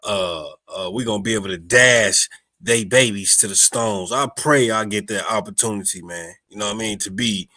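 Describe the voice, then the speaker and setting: A man co-hosts a podcast, talking casually and emphatically and looping back on his points. His voice is bright and forceful. The recording is dry and close. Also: on the low side, normal speed, no room sound. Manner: emphatic, repeats "you understand me". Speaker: podcast co-host. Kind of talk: casual commentary.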